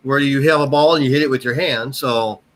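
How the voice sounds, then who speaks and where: An American man chatting casually on a live stream, halting and often restarting his sentences. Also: mid-range voice, fairly even intonation. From United States. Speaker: chat guest.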